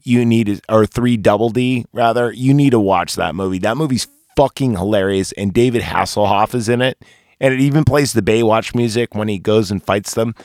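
A podcast host with a fairly low voice reviews movies in a loose, rambling chat, swearing constantly and gushing with enthusiasm. The recording is dry and close, with no room echo.

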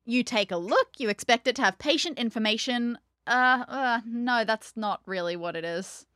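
A woman's voice: fairly high pitch, moderate pace, fairly bright tone, dry recording, clean studio sound. A woman acting as game master, describing scenes in a mystery game.

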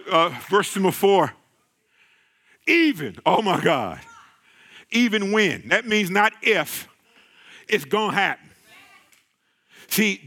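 A man's voice: high voice, sharp tone. A man preaching a sermon, repeating phrases, calling out to the congregation and exclaiming.

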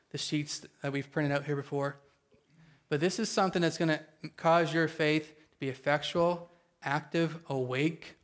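A male pastor preaching a sermon, emphatic and calling for amens, leading the congregation in slow recited faith declarations. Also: fairly high pitch. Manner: emphatic, calls for amens, leads recited declarations slowly and loudly.

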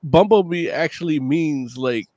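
Brief: eager male co-host, high and bright, in a dry, close sound. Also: a little slow, dry recording. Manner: eager fan enthusiasm. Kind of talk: casual chat.

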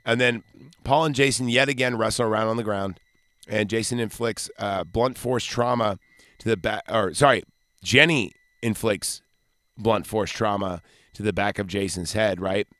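A man's voice: lowish voice, normal speed, fairly bright tone, dry recording. A man hosting a podcast, recapping a horror movie in a rambling, joking way with lots of fillers. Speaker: podcast host.

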